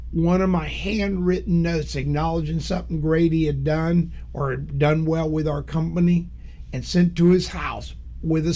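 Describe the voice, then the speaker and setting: Emphatic, higher-voiced middle-aged man. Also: a little mellow. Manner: emphatic, storytelling, blunt. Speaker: business speaker. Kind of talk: motivational business talk.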